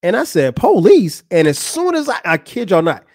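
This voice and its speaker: A man's voice: fairly quick, no room sound, clean studio sound. A man hosting a podcast, telling a funny story in a casual way and acting out the people he quotes. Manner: animated, acts out quotes with rising pitch. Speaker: podcast host.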